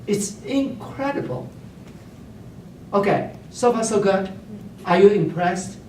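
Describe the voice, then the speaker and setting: A man's voice: high-pitched, lively intonation, slow, a little mellow, far from the mic, slight background noise. A man teaching classical Chinese poetry to a class, keeps checking that the students follow, and hums examples. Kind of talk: classroom lecture. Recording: roomy classroom recorded from afar.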